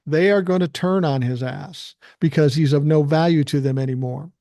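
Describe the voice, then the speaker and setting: A man's voice: a little high, normal speed, dark tone, no room sound, clean studio sound. An older man hosting a live stream from his living room, ranting bluntly with plenty of profanity. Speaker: podcast host doing a live stream. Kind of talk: casual live-stream rant.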